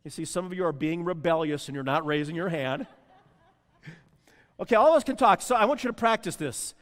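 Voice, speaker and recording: A man's voice: on the high side, expressive, fairly quick, fairly bright tone, long reverb tail. A man preaching as pastor to his congregation, repeating key lines and getting the room to answer back. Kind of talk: sermon. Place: church sanctuary.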